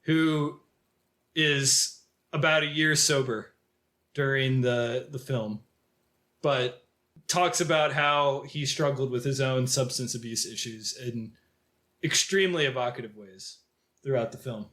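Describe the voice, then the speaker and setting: A man's voice: mid-range voice, slow pace, bright, forceful tone. A man co-hosting a film podcast, rambling in casual talk with lots of filler words. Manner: rambling, heavy use of "like" fillers. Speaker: podcast co-host.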